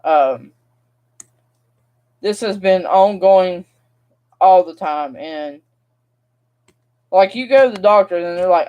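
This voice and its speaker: A woman's voice: fairly low pitch, unhurried, pauses often, dull audio. A young woman, vlogging and venting in a rambling, frustrated way straight to her viewers. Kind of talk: casual vlog rant.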